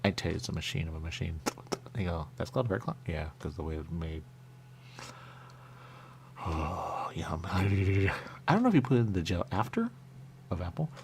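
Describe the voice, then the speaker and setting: A man's voice: deep voice, very animated, moderate pace, vocal fry, long pauses, background noise. A man hosting a radio show, rambling playfully in casual chat while tasting pastries. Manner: rambling, playful, jumps between thoughts.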